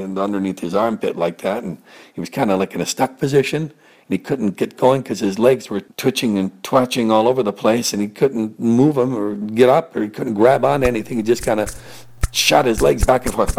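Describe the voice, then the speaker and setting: Husky-voiced man telling a rambling story. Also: on the low side. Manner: rambling, gentle, drifts to soft near-whispers. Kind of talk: improvised spoken storytelling.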